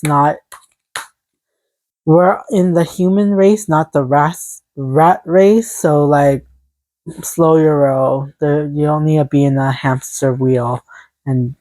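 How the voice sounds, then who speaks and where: Woman tarot reader, low dark voice, soothing and encouraging, casual phone recording, dry sound. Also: no echo, poor audio. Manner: soothing, encouraging, talks to viewers as "glowing angels". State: a little out of breath. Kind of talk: casual spoken tarot reading. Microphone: phone camera.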